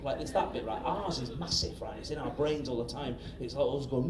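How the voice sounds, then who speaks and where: Animated stand-up comedian in a roomy venue. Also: male voice, medium pitch, a little fast, hardly any pauses. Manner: animated, chatty, swears freely, often asks the crowd "right?". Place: live comedy venue with audience. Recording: roomy live-venue recording from a distance. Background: audience laughter and crowd noise.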